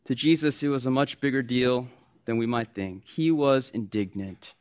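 A pastor preaching a sermon, emphatic and swinging from soft asides to loud stressed points. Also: male voice, medium pitch, moderate pace, smooth. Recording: dull lo-fi recording.

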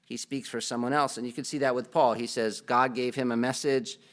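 A man preaching a sermon at an ordinary middle pitch. He keeps it conversational, putting questions to the congregation and breaking off for light joking asides. He sounds like a pastor talking with the people in front of him rather than reading to them. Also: steady tone, a little fast, fairly bright tone.

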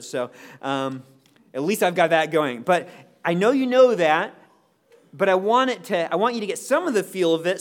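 A man teaching a Bible lesson who reads scripture aloud with feeling and breaks in with casual, informal asides and questions for the group. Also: high-pitched. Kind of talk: scripture reading with commentary.

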